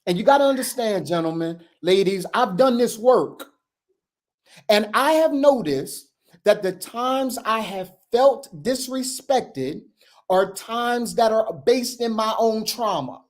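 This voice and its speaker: High-voiced man arguing insistently. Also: animated, slow. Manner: insistent, emphatic, talks over others; repeats points for emphasis. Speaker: show host. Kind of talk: heated debate.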